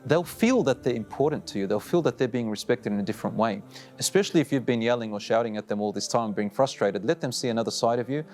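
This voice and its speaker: A middle-aged man with a mid-range, darkish voice speaks quickly in a recorded religious reminder. Preaching earnestly and directly, he advises parents by repeating short, firm phrases.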